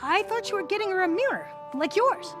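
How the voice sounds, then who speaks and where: A woman voicing an awkward young male baby dragon sidekick in an animated series, with a boyish, squeaky delivery. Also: a little fast. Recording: clip with music underneath.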